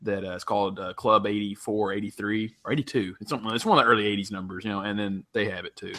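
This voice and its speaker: Male podcast co-host, quick and bright, teasing banter. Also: lowish voice, steady tone. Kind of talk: casual chat.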